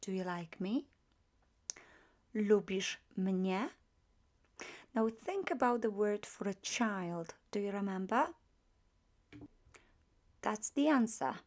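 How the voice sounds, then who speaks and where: A woman teacher at an unhurried pace, walking learners through drills with careful repetition. Her voice sits at an ordinary middle pitch, and each practice phrase is stressed and said twice. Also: expressive, darkish tone. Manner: slow, patient, repeats drill phrases with emphasis. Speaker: language teacher. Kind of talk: grammar lesson with spoken drills.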